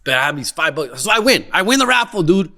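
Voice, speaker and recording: A young male podcast host tells wild stories in a slangy, excitable way, dropping in Spanish as he goes. His forceful, tense voice sits a touch higher than most men's, and it's quick and gravelly.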